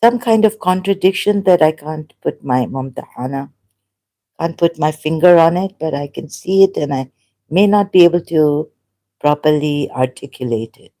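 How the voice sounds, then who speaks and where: A solo vlogger speaking in a halting, argumentative monologue and reading passages aloud. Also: mid-range voice, mellow.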